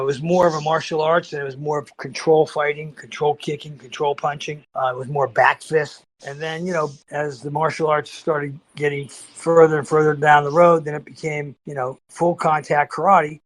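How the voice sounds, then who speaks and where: A man's voice: a little high, rough recording. A man in his sixties, a martial arts grandmaster, telling stories as an interview guest with lots of restarts and acted-out quotes. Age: 60s. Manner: animated storyteller, acts out quoted voices, many restarts. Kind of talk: casual storytelling interview.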